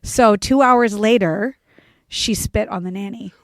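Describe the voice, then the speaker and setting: A woman co-hosts a chatty podcast and tells stories with lively acted-out quotes. Her voice sits at a middle pitch. The studio sound is dry and close. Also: measured pace, no room sound. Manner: animated storyteller, acts out quotes. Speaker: podcast co-host. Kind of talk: casual chat.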